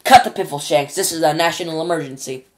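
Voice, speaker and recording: A bossy, blustering male President barks orders in a rasping voice, put on by a woman reading a storybook aloud. He insults and commands. The reader's natural voice sits low. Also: fast, lightly acted. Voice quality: deep and rasping. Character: pompous shouting male President of the United States.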